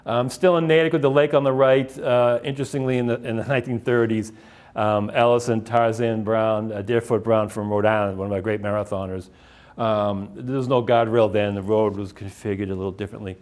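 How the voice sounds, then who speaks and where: A man's voice: lowish voice, flat delivery, a little fast, darkish tone. A middle-aged man, giving a casual talk about running, full of fillers and restarts. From Boston area. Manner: rambling, anecdotal, many fillers and restarts. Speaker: author giving a library talk.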